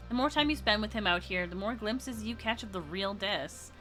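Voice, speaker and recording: A woman streaming a story game, reading its text aloud and reacting with gasps and quick asides. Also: mid-range voice, bright, forceful tone, soft background music.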